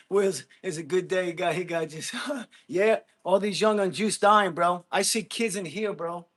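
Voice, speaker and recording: Blunt husky-voiced man ranting on livestream. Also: high-pitched, a little slow, a bit bright. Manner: blunt, mocking, laughs often. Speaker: livestream host reading chat. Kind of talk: casual livestream rant. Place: gym.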